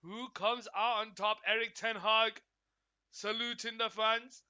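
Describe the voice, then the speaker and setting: A man's voice: high voice, fairly even intonation, measured pace, bright, forceful tone, smooth, dull audio. A man hosting a live football watchalong, chatting to his viewers by name and calling out the team news with hype. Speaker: watchalong host.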